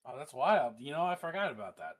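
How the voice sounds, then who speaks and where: A man's voice: fairly high pitch, sing-song, fast talker. A man guesting on a stream, trading playful, crude jokes in casual banter.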